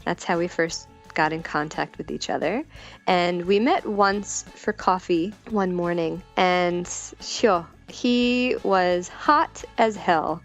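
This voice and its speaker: A woman's voice: on the low side, slow, dull audio, soft background music. A woman talking frankly and casually as a podcast guest, laughing often as she talks. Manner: frank, giggly, breaks into laughter. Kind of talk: candid casual chat.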